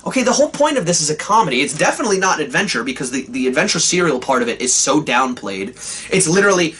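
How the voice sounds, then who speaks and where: Animated, profane man ranting. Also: medium pitch, fast, husky. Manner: profane, exasperated, sarcastic. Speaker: cartoon reviewer. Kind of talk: ranting comedic review.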